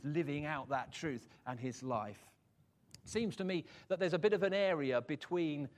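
High-voiced man preaching a casual sermon. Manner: self-deprecating, chuckles often, repeats words when stumbling. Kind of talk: conversational sermon.

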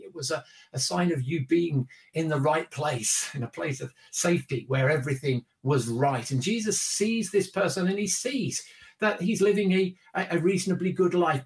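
Conversational male preacher. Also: a little high. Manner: conversational, repetitive, with light chuckles. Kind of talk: sermon.

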